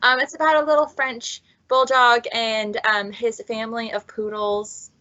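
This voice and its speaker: Chatty, laughing librarian woman, bright tone, muffled video-call sound. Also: on the high side, level tone, measured pace. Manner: giggly, chatty, lots of fillers. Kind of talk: casual book chat.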